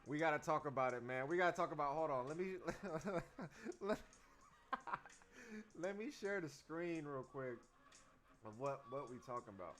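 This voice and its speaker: A man's voice: on the high side, lively intonation, a little slow, fairly bright tone, soft background music. A man hosting a casual livestream as a dance teacher, talking loosely in slang to his viewers and repeating his phrases.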